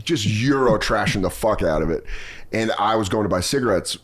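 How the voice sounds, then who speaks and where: Male podcast host, lowish voice, casual comic banter, profane. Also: lively intonation, a little fast. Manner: loose, profane, jumps into funny voices. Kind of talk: casual comedic chat.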